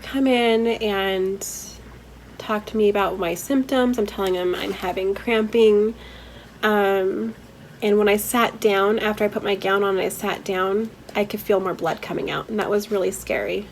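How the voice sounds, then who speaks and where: A woman's voice: mid-range voice, fairly even intonation, normal speed, a little hiss or hum, low-quality recording. A young woman vlogger telling a painful personal story candidly, fighting back tears and a little stuffy from a cold. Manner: candid, emotional, rambling with fillers. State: teary, holding back tears.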